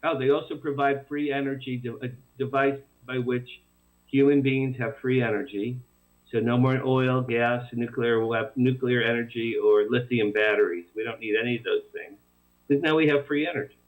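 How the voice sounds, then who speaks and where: A man talks about his book over a tinny phone line, rambling and animated, stopping and restarting as he goes. His voice sits in an ordinary middle pitch for a man. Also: normal speed. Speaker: author guest. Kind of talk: casual radio interview.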